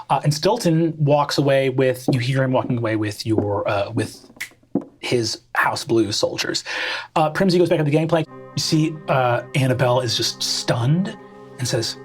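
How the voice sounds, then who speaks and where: Woman game master, low voice, halting narration, many fillers. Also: breathy edge, faint music behind.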